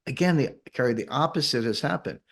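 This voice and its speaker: A man's voice: medium pitch, lively intonation, quick pace, gravelly, slightly rough. A man explaining economics in an interview, patient and methodical, with dry sarcastic asides. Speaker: guest economic commentator. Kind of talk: interview answers.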